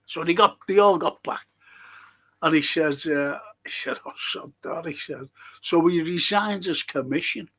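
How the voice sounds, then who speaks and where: Older man, co-host, rambling anecdotal storytelling, slightly raised pitch. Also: measured pace, a bit bright, rough recording. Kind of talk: casual chat.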